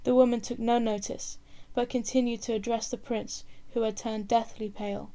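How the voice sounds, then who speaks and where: A woman reading a novel aloud in measured storybook narration. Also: fairly high pitch, level tone, dark tone. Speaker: reader.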